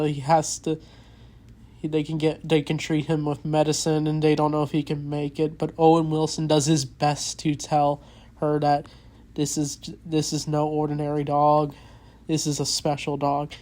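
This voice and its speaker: A movie reviewer in a casual spoken review, earnest and openly emotional, halting with many restarts and fillers. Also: medium pitch, mellow.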